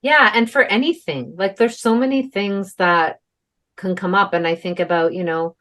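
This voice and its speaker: A woman's voice: medium pitch, normal speed, a bit bright. A young adult woman co-hosting a podcast, telling a story in a casual, chatty way with lots of fillers and the odd swear. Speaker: podcast co-host. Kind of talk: casual chat.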